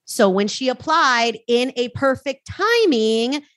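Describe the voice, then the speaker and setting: A woman co-hosting a casual podcast, explaining things in a chatty way with quick interjections. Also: sits high, expressive, fairly bright tone, no room sound, clean studio sound. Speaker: podcast co-host.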